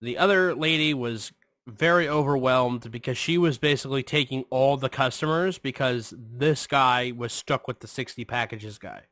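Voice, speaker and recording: A man's voice: mid-range voice, moderate pace, fairly bright tone, dry recording. Brief male podcast host, rambling profane storyteller, close dry sound. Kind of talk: casual storytelling chat.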